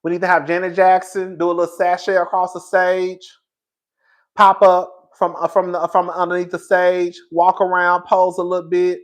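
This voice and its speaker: Young guy w a high voice gossiping, campy n animated, laughs a lot. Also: moderate pace. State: out of breath. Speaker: host. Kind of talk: casual gossip commentary.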